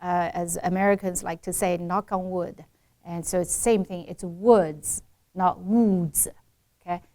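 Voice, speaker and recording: A woman's voice: fairly low pitch, level tone, moderate pace, a little mellow. A woman accent coach giving a pronunciation lesson, explaining by saying the right and the wrong way side by side.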